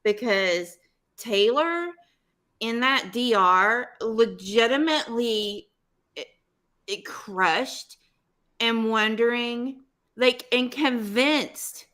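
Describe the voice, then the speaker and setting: Woman co-host, casual chat, emotional and heated, pitched a bit high. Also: animated, drawn-out words, pauses often, fairly bright tone. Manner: emotional, fired up. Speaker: podcast co-host.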